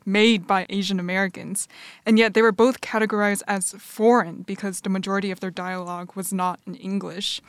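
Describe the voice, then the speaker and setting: A woman hosting an interview, asking curious, measured questions. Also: mid-range voice, clean tone, dry recording. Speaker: podcast host.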